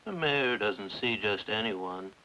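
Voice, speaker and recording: A man's voice: on the low side, animated, very noisy. A man playing a condescending cartoon bureaucrat. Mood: dismissive. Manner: slow, condescending drawl. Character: dismissive bureaucratic male clerk. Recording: dull old film soundtrack.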